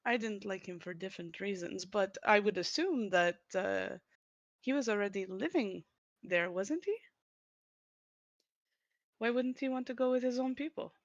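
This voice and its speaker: A woman's voice: medium pitch, normal speed, pauses often, dry recording. A woman playing a tabletop role-play, teasing and probing as she talks, with frequent laughs. Her voice sits mid-range. The recording is dry and dull, as from a modest mic. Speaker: player.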